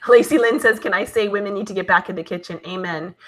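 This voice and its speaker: A woman's voice: mid-range voice, fast. A woman hosting a live stream, reading viewer comments aloud and answering them in a chatty, conversational way. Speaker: livestream host reading viewer chat. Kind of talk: casual live-stream chat.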